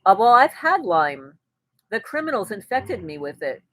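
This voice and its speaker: A woman's voice: medium pitch, sing-song, moderate pace, a bit bright, no room sound, poor audio. A woman hosting a casual live stream, reading viewers' comments aloud and answering them in a chatty way. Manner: chatty, with frequent restarts and light laughter.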